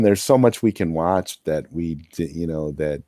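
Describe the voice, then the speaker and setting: Man, very low voice, mellow tone, casual co-host, rambling and hesitant. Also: normal speed, no echo, studio quality. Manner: rambling, restarting, hedging with "I mean" and "you know". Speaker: podcast co-host. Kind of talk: casual chat.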